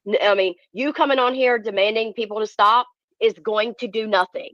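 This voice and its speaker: A woman's voice: fairly high pitch, fairly quick, a bit bright, dry recording. A woman on a livestream, talking in a confrontational, profane way. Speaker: livestream host. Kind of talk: heated livestream talk. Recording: dull lo-fi livestream audio.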